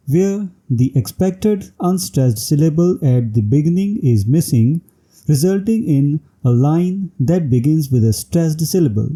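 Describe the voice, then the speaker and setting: A man delivers a scripted literature lecture, his voice very dark and mellow yet pitched a touch high for a man. He reads formally and announces each section heading before going on.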